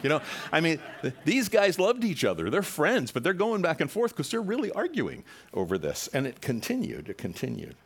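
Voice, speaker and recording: A pastor preaches conversationally to his congregation, occasionally acting out quoted voices with growing animation. His mid-range voice swings widely in pitch, moving a little fast with few pauses.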